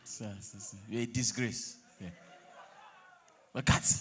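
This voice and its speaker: A man's voice: lowish voice, fairly even intonation, takes it slowly, pushed and bright. A man with a Nigerian accent doing stand-up crowd work on stage, teasing the audience, mixing in pidgin and breaking into bits of song. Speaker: comedian on stage.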